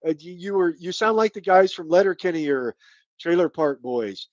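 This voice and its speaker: A middle-aged man from Kentucky, his speech carrying a light Kentucky accent, hosts a casual live stream and rambles in a folksy way. His voice sits a touch high for a man. The sound is dry and a little dull, like a home stream. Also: animated, moderate pace, no room sound. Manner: rambling, folksy, thanks viewers by name. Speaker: channel host.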